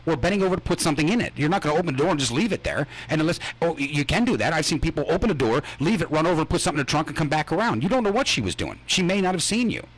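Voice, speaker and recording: A man's voice: a little high, very animated, rapid-fire, few pauses, slightly rough, dry recording, rough recording. A man in a heated casual radio chat, arguing insistently and repeating himself to make his point.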